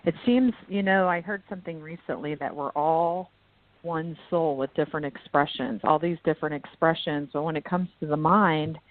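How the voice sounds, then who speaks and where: A woman guest healer talks frankly and warmly animated, breaking into laughter often. Her voice sits on the low side for a woman. It comes through a narrow, tinny phone-like line. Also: moderate pace. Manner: candid, laughs often, animated swings in pitch. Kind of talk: casual spiritual discussion.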